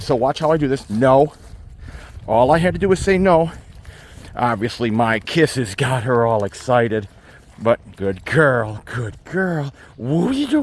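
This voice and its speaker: Dog trainer cooing and explaining outdoors. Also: male voice. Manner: switches between calm explaining and high baby talk to the dog. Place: outdoors in a state forest.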